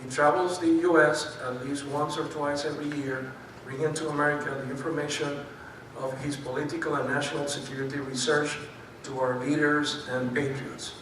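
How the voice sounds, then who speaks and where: A male event host reads out a speaker introduction, halting a little over the text. His voice sits slightly high and barely moves in pitch. He sounds far from the mic in a roomy, heavily echoing hall with faint noise behind. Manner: flat, halting reading. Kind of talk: reading an introduction. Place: large conference hall.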